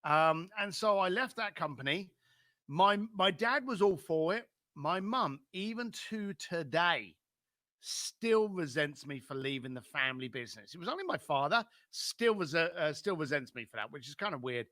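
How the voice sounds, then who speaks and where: A middle-aged man with a London accent, a podcast guest telling his life story in an animated way and acting out other people's lines. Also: a little high, normal speed, no echo, clean studio sound. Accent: London English. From London, England.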